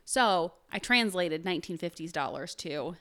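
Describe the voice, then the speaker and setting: A young woman hosts a casual podcast chat, retelling a story with plenty of filler words. Her voice sits on the low side for a woman. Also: animated, moderate pace, fairly bright tone. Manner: chatty, lots of fillers and "like". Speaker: podcast host.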